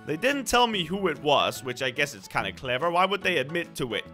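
High, bright, excitable gamer guy. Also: brisk, few pauses, soft background music. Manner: excitable, dramatic, shrieks at scares. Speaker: gaming video host. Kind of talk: gameplay commentary.

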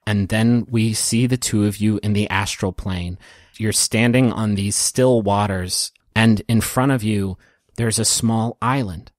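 A man narrating a tabletop game as game master, soft and emotional, with small restarts. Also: fairly low pitch, steady tone, unhurried, no echo, studio quality.

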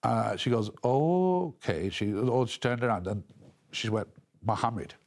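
A man giving an emotional news interview, talking haltingly with many restarts and repeated words. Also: on the low side, steady tone, creaky, slightly rough. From England.

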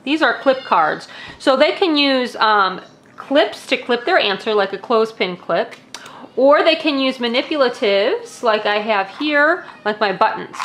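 A woman's voice: fairly high pitch, fairly bright tone. A young woman casually demonstrating classroom activities, explaining each step with friendly "um"s.

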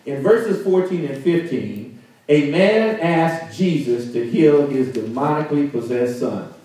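This pastor's fairly high voice is warm and unhurried, with lively intonation as he delivers a conversational sermon. He laughs a lot and gets call-and-response from the congregation, recorded at a distance in a very echoey sanctuary.

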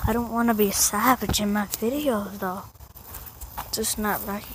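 A woman vlogging casually to her viewers in a backyard, excitable and slangy. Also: medium pitch, normal speed, rough recording. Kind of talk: casual vlog chat. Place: outdoors at home, backyard. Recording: loud outdoor background noise.

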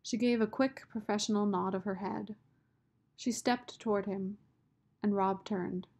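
Narrator: woman, unhurried and measured, reading a children's book aloud. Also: medium pitch, fairly even intonation, darkish tone. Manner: slow, measured storytelling. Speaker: audiobook narrator.

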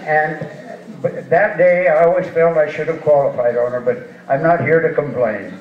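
A rodeo hall of fame inductee in his eighties, hailing from eastern Washington, tells rambling, folksy stories with a chuckle in an onstage interview. He speaks at a normal speed in a slightly high voice. The recording picks up distant, dull, echoey hall sound.

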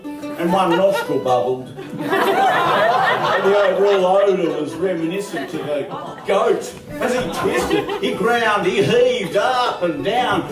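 Australian man reciting a comic poem. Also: high voice. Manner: lively, theatrical, chuckling asides. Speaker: folk club performer. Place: large hall, live concert. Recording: echoey hall, from far off, music.

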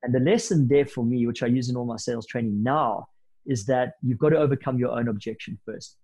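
Husky-voiced man telling a lively story. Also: medium pitch, a little fast, low-quality recording. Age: 30s. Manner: lively anecdotal storyteller, casual slang. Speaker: podcast guest. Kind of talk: storytelling in a podcast interview.

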